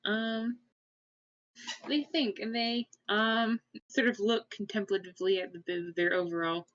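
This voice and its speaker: A woman's voice: medium pitch, fairly even intonation, measured pace, a bit bright, dry recording. A woman narrating her character's actions in a tabletop role-play, hesitant and full of fillers. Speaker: tabletop player. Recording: dull lo-fi dry audio.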